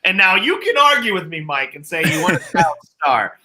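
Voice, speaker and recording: A man's voice: fairly high pitch, sing-song, fairly quick, a loud crowd. A man hosting a casual video-call talk show, joking and swearing freely. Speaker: host.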